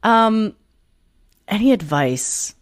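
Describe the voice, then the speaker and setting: Very slowly and expressively, a woman with a mid-range voice reflects in a podcast interview about her work as a performer and coach. The sound is clean studio quality with no echo, and she talks earnestly, rambling with frequent restarts and many "you know"s.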